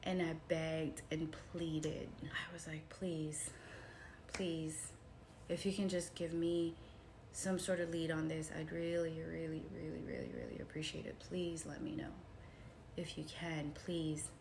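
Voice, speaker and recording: A woman vlogger recounts a story to her viewers at a slow, easy pace. Her voice sits a little low, dropping to hushed tones for quoted asides and rising in excited bursts. A faint noise floor hangs under the recording. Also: vocal fry. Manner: animated, addresses viewers as y'all, swings from hushed to shouting. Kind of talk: casual storytelling to camera.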